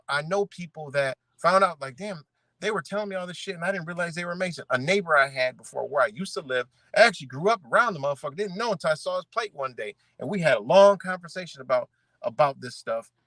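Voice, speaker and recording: A man's voice: a little high, expressive, fast, pushed and bright, no echo. A man ranting in casual commentary, swearing often, peppering his talk with "right?" and street slang as he picks apart rules he reads aloud. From Rochester, New York area. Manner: profane, conversational, rhetorical questions, street slang. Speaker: vlogger.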